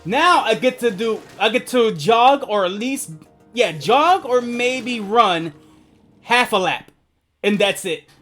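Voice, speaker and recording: A man's voice: very high voice, expressive, takes it slowly, fairly bright tone, soft background music. A young man streaming a video game, chatting casually in a rambling, profane way and laughing often. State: asthmatic. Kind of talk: casual gaming stream chat.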